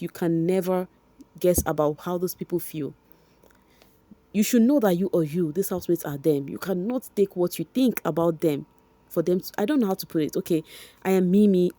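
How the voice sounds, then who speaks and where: A young Nigerian woman talks straight to her viewers in a chatty, gossipy commentary, circling back over her points. Her voice sits a little low and sounds mellow. The recording is dry and close. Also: no room sound. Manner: chatty, addresses viewers directly, repeats for emphasis. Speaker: vlogger.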